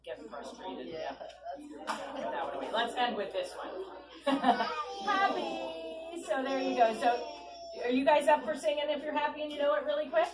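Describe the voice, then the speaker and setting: Lively woman author reading to kids. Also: high-pitched, moderate pace, distant mic, very noisy. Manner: animated, coaxing, keeps asking the kids questions. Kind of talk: read-aloud storytime with children. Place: ice cream shop, indoors. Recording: echoey shop room, voice from afar, clear chatter.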